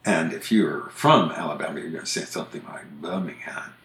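A man's voice: very deep voice, brisk, gravelly, a bit bright. An older man hosting a casual podcast chat, musing aloud and correcting himself as he goes. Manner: musing, self-correcting, chatty. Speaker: podcast host. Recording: roomy echo.

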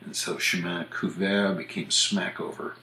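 Man, very low voice, casual explainer, spells words letter by letter, echoey room. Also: steady tone, a little slow, sharp tone, a little hiss or hum. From United States. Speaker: podcast host on English usage.

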